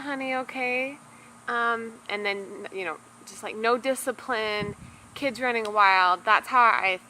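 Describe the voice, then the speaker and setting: Young mom vlogger, casual and chatty, loose filler-heavy delivery. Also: female voice, mid-range voice, bright, forceful tone, slight background noise, low-quality recording. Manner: talkative, many filler words and restarts. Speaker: parenting vlogger reviewing a book. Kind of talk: casual chatty book review to camera.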